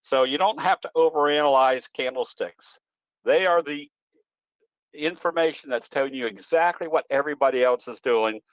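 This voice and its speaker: A man answers audience questions in a folksy, easygoing manner, drifting through his points at a relaxed clip. His voice comes through dry with no room sound, and a little dull, like a web call. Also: mid-range voice, normal speed, no echo. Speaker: guest presenter, trading educator. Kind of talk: webinar Q&A, explaining.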